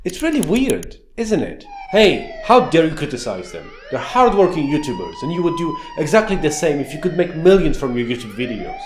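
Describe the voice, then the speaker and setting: A commentary YouTuber in his thirties delivers a sarcastic monologue stuffed with mocking rhetorical questions, speaking fairly quickly with few pauses. His high voice swings hugely in pitch. The room sounds echoey and the background is noisy, with soft music playing.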